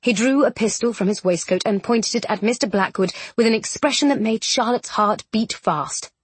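A woman reading a novel aloud in a wry, even storytelling manner. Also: a little high, normal speed, breathy edge, no room sound. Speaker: audiobook narrator. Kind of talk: scripted narration.

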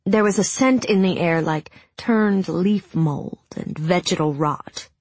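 A woman narrating a story in a hushed, emotive reading that sinks to near whispers, with a breathy voice. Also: on the low side, slow, no room sound. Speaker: audiobook narrator. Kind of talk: scripted narration.

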